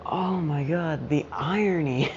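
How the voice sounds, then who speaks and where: A deep-voiced woman takes her time telling a fan story casually, with slang and jokes at her own expense, often drifting off her point. It's captured on a muffled lo-fi mic with steady noise behind her.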